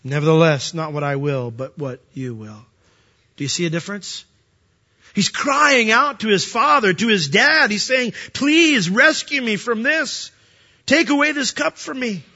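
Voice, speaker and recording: A man preaching a sermon, animated and emphatic, often asking the listeners questions. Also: high voice, muffled recording.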